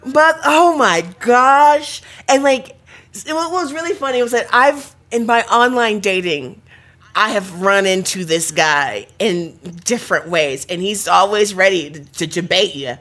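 A young woman co-hosting a casual chat podcast, animated, laughing often and swearing casually. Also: medium pitch, unhurried. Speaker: podcast co-host.

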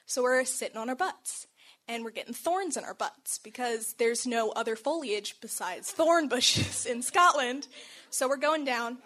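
High-voiced young woman telling a story. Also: unhurried. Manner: animated, chatty, laughs often, says "like" a lot. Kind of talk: casual personal storytelling.

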